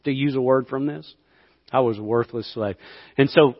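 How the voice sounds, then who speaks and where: A man in his fifties preaching a sermon, mid-pitched and storytelling, dropping to near whispers and rising to loud bursts as he laughs at himself. His voice rings out in a large hall with a long, lingering reverb. The sound is somewhat dull and muffled. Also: steady tone, normal speed. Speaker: pastor.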